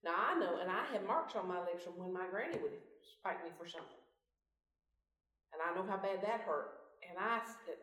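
This Bible study speaker's voice is on the low side and a bit bright, at a normal speed. She gives a folksy devotional talk, asks her group questions, and is recorded from far off the mic in a roomy meeting room.

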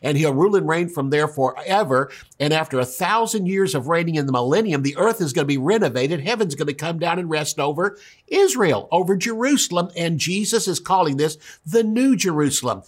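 A middle-aged man preaching a sermon as pastor, with emphatic delivery that jumps high when he acts out quotes. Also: expressive, a little fast. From United States.

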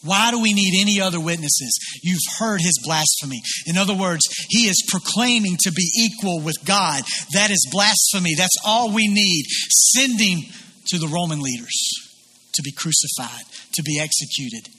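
A pastor preaches a sermon in a high, slightly rough voice with lively intonation and a sharp tone, at a moderate pace. He retells a biblical scene as a story, voicing the quotes of the people in it as he goes.

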